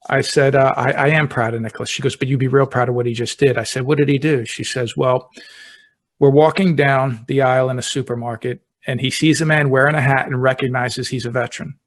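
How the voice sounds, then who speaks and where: A middle-aged man, a deputy fire chief, hosting a podcast and telling a personal story in a relaxed, conversational way. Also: medium pitch, fairly quick. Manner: relaxed, talks through anecdotes step by step.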